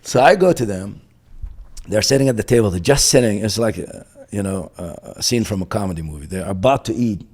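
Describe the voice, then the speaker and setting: A man's voice: on the low side, expressive, brisk, a little mellow. A middle-aged man, a boxing coach on a podcast, telling a story with animation, acting out the dialogue and often laughing.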